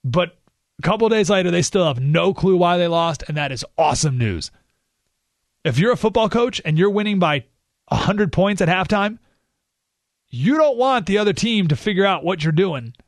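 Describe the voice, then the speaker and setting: A man hosting a political talk radio show, talking in an animated, sarcastic way. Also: high-pitched, normal speed, creaky, pauses often, no room sound, clean studio sound. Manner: animated, sarcastic, acts out quoted voices.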